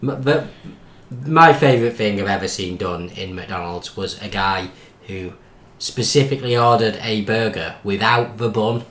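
A man's voice: lowish voice, normal speed, fairly bright tone, slight background noise. A man co-hosting a podcast, chatting casually, laughing along and teasing his friend. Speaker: podcast co-host. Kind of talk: casual chat. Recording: echoey room.

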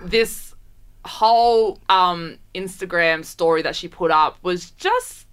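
A woman co-hosting a casual podcast chat, animated and laughing often. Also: fairly low pitch, takes it slowly, clear, resonant tone. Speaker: podcast co-host.

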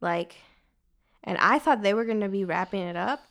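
A young woman with a gravelly, creaky edge to her mid-range voice, chatting casually as a podcast co-host. She teases and pushes back with humor. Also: mid-range voice, animated, moderate pace, a bit bright. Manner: playful, teasing, argues her point with humor. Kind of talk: casual chat.

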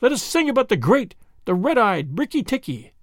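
A man voicing a tiny, excitable, boastful male tailorbird with a shrill sing-song, flattering manner. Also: brisk, no room sound, clean studio sound. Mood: excited chirping.

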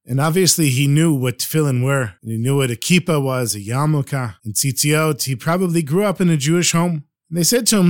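Male storyteller with a slightly high voice. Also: brisk, hardly any pauses, dry recording, studio quality. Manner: warm, preachy, addresses listeners fondly. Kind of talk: podcast storytelling.

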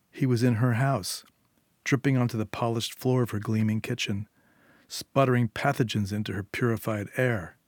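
A man narrating a short story in a measured, quietly tense reading. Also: mid-range voice, dry recording, studio quality.

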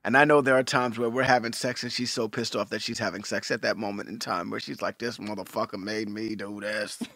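A man in his forties co-hosting a casual podcast chat, animated and acting out quotes. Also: medium pitch, quick pace, creaky, no room sound. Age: 40s. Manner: animated, acts out quotes in voices. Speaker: podcast co-host.

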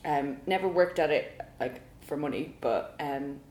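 An Irish woman in her twenties, a guest illustrator, chats casually in an interview, laughing often and saying "like" a lot. Her voice sits low and comes across a little mellow and a little slow. The recording is roomy, with faint noise.

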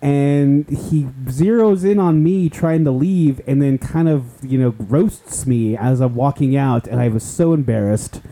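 A man co-hosting a podcast, telling halting, rambling anecdotes in casual chat. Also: mid-range voice, warm tone, poor audio.

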